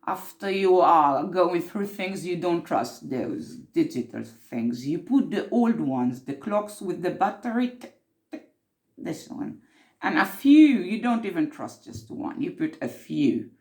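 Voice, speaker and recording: A woman's voice: lowish voice, very animated, measured pace, a little mellow. Woman playing an intense mystic. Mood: earnest. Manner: intense, storytelling, repeats for emphasis. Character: earnest woman mystic recounting time slips. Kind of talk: improvised monologue.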